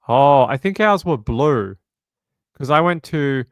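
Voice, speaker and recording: A man's voice: medium pitch, dry recording. A man in his forties with an Australian accent, chatting casually with viewers on a livestream, joking and repeating himself. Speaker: livestream host. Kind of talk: casual live-stream chat answering viewers.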